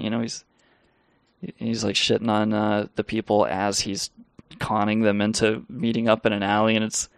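A man with a gravelly, creaky voice tells a loose, swearing-laced story on his live stream. His sound is close and dry. He chuckles as he rambles and reads the chat aloud. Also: lowish voice, little pitch movement, normal speed, dry recording. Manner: rambling, profane, laughing. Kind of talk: casual storytelling and reading chat.

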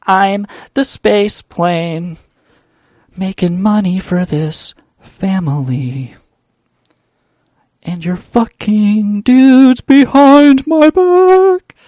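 A man's voice: on the high side, steady tone, normal speed, no echo, natural voice. A man ranting as a fed-up spaceplane husband. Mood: indignant. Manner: profane, indignant complaining. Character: aggrieved male spaceplane husband, ranting at cheating wife.

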